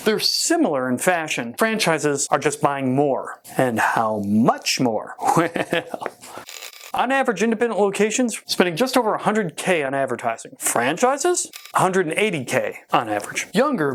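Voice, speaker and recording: Folksy male podcast host, lively pitch. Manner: folksy, upbeat, playful asides. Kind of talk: casual talk presenting survey data.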